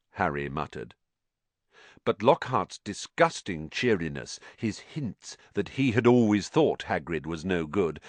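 A man narrating an audiobook in an expressive style, giving each character its own voice. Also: low voice, dry recording. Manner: expressive, varied character voicing.

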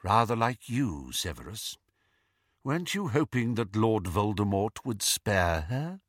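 A calm, cold old wizard headmaster, read by a man, slow and deliberate, each line weighed before it is spoken. The voice sits low with a lively rise and fall, and its tone is bright and close on a dry recording. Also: dry recording, heavily acted. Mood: probing. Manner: measured, cool and deliberate. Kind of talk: audiobook character reading.

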